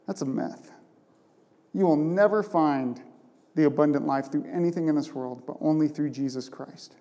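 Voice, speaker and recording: Preaching from a church pulpit, a pastor with a warm, higher-leaning voice speaks emphatically in a conversational manner. Rhetorical questions come up often, and the sanctuary adds a long reverb.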